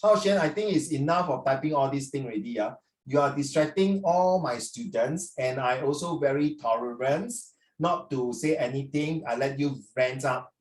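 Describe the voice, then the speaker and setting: A middle-aged man with a medium-pitched voice teaches an online class at a moderate pace, playfully teasing and peppering his questions with "ah." The distant mic gives the recording a roomy sound.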